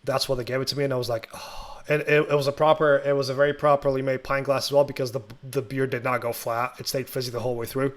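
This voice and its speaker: A man's voice: medium pitch, level tone, rapid-fire, few pauses. Teasing male podcast co-host. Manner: teasing, laughs along. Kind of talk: casual podcast chat.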